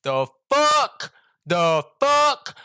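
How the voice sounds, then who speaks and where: A man voicing a furious middle-aged father who yells and curses threats down the phone. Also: sing-song, drawn-out words, clear, resonant tone, no room sound, clean studio sound, heavily acted. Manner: shouting, cursing, high strained yell.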